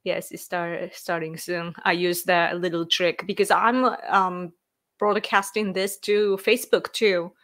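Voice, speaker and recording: Japanese-accented woman livestreaming from home, takes it slow, giggles a lot, lots of "like". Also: lowish voice, steady tone, a bit bright. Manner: chatty, giggly, filler-heavy, reads out comments. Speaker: livestream host. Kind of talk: casual livestream chat with viewers. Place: room at home.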